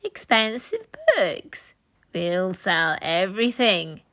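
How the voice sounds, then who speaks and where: A woman's voice: fairly high pitch, sing-song, takes it slowly, fairly bright tone, pitched above the performer's own voice, exaggerated voice. A woman voicing a sly, sarcastic old thief boss in a storybook read-aloud, drawling his words.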